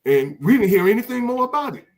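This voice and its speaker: A man's voice: high-pitched, very animated, quick pace. An older man hosting a podcast, talking casually and with animation, often repeating words as he searches for a thought. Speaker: podcast host.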